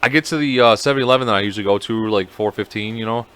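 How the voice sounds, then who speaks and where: A man's voice: on the low side, rapid-fire, fairly bright tone, smooth. A young man telling a rambling, profane story in a casual podcast chat, quoting the people in it. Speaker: podcast co-host.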